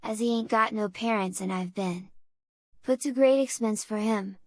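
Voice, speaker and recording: A woman's voice: medium pitch, normal speed, darkish tone, dry recording, natural voice. A woman reading aloud and voicing a coarse, greedy village man who speaks bluntly and ungrammatically. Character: coarse greedy rural foster father, man.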